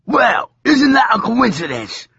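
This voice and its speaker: A man's voice: very high voice, big pitch swings, a little slow, a bit bright, slightly rough, dry recording, muffled recording, voice pushed up, full character voice. A man voicing a huge demon-possessed madman in an audiobook, bellowing threats and turning sly and mocking. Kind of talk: audiobook character voice.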